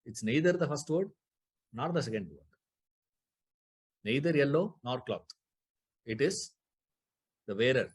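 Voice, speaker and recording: A man's voice: mid-range voice, lively intonation, a little slow, pauses often, breathy edge. A man teaching a scripture class, explaining Sanskrit grammar, repeating key terms and putting rhetorical questions to his listeners.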